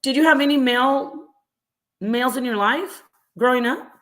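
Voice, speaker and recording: A middle-aged woman, a mother, hosting a live stream and answering chat comments with animated, repetitive explanations. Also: high-pitched, normal speed. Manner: animated, acts out quoted voices, repeats points.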